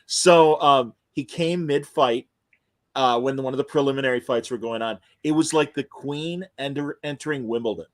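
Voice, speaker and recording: A man hosting an interview podcast, telling stories in an animated, emotional, casual way. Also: medium pitch, moderate pace. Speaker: podcast host interviewing comic creators. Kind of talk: casual chat.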